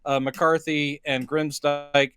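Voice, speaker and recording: A man's voice: on the high side, little pitch movement, takes it slowly, fairly bright tone. A man co-hosting a podcast, recapping a movie in casual chat and acting out its lines as he goes. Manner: chatty, acts out lines from the film. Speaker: podcast co-host.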